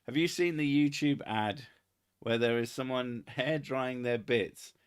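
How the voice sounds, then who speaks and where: A man's voice: mid-range voice, a little slow, clean tone. A young man, hosting a casual comedy chat in a crude, sarcastic manner full of swearing. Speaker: podcast host.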